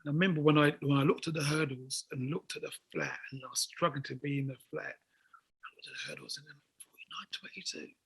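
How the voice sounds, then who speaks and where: A man, talking as an interview guest in excitable bursts, repeating words as he builds to near shouts. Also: fairly high pitch, quick pace, gravelly, husky. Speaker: guest athlete. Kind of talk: casual interview chat.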